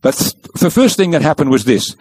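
A man preaching a sermon, telling the story in a lively way and acting out the quoted speech. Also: on the high side, fairly quick.

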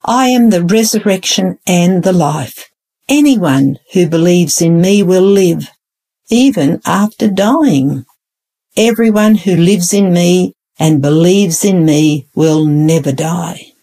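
A woman voicing a gentle, kind male teacher who speaks slowly and softly. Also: lowish voice. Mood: solemn.

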